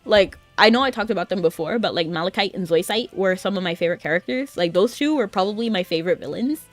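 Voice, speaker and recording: A woman's voice: medium pitch, animated, quick pace, faint music behind. Chatty young woman streaming a game. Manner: chatty and rambling, with frequent filler "like". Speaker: VTuber streamer. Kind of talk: casual gaming stream chat.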